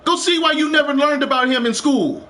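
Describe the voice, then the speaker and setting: A man's voice: extremely high pitch, a little fast, sharp tone, a little hiss or hum. A man streaming a game live, ranting with passion, repeating himself and swearing. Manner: impassioned, repetitive, swears, rising to urgent.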